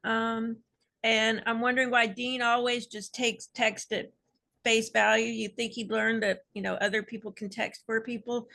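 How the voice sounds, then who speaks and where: A woman on a fan panel recapping an episode with animated, playfully sarcastic asides. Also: fairly high pitch, normal speed, creaky. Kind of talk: casual fan panel discussion.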